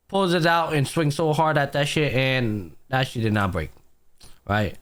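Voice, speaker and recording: A man's voice: fairly high pitch, animated, moderate pace, a bit bright, clear, resonant tone. A young man co-hosting a podcast, casually recapping an anime and acting out the characters' lines with plenty of slang and swearing. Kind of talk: casual chat.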